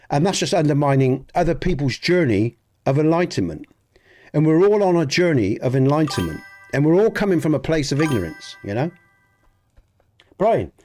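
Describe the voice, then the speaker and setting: A man's voice: on the high side, a little mellow. A middle-aged man with a Dorset accent, chatting casually and earnestly on a gaming live stream, often restarting his sentences and greeting viewers in the chat. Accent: Dorset English. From southwest England. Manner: rambling and earnest, many restarts, speaks to chat by name.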